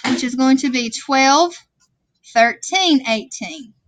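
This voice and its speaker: A woman's voice: high-pitched, slow, slight background noise. A woman teaching a vocabulary lesson, patiently explaining words and checking in with "okay?". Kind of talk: classroom worksheet lesson. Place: classroom screen recording.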